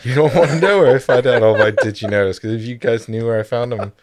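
A man's voice: mid-range voice, fast, darkish tone, no echo. A young man co-hosting a podcast, sharing odd facts in a rambling, laid-back way. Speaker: podcast co-host. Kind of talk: casual chat.

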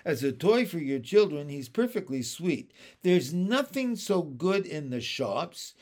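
A man's voice: on the high side, sing-song, unhurried. A man voicing a cheerful, friendly young boy who reciting rhymes eagerly in a storybook reading. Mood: rhyming. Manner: bright and eager.

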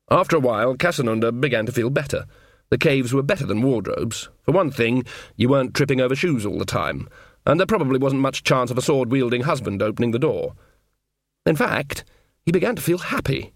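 Male audiobook narrator, wry comic reading, animated pitch, dead-dry booth sound. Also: a little fast, no echo. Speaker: audiobook reader.

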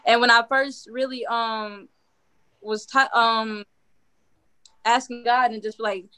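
A woman's voice: a little high, slow pace, smooth. A young woman hosting her first podcast over a video call, chatting casually with lots of fillers. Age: young adult. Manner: chatty, excitable, many fillers. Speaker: podcast host.

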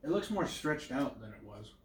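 A man's voice: medium pitch, sing-song, moderate pace, far from the mic. Man, wry casual movie chat, roomy echo, off-mic, faint hiss. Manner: wry, steers the conversation. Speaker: podcast co-host.

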